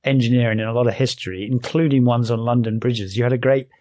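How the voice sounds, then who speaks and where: A man's voice: medium pitch, steady tone, fast, mellow, no room sound. A man with a mid-range voice hosting a casual conversation. His tone is friendly and easy. The recording is close and dry. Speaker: podcast host. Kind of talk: casual interview chat.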